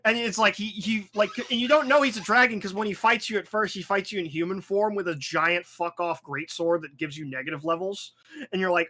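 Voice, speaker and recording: A man's voice: high voice, brisk. A young man hosting a podcast, talking in a rambling, profane, casual way, often restarting his sentences. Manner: animated storytelling with acted-out asides. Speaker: podcast host. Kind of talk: casual chat.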